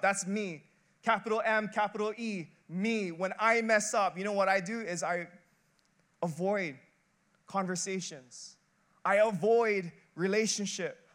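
A man with a notably high speaking voice delivers a sermon as an associate pastor. He preaches conversationally and emphatically, leaning on rhetorical questions and stacking short repeated phrases. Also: a bit bright.

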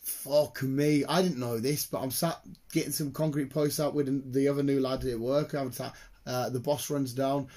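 Sweary lad, husky voice. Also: male voice, medium pitch, a little fast, a little mellow. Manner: sweary, blunt storytelling. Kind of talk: casual chat.

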